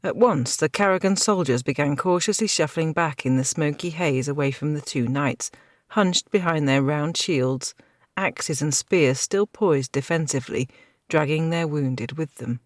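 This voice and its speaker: A woman narrating a fantasy audiobook with a steady, dramatic reading. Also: low voice, unhurried, no echo, clean studio sound.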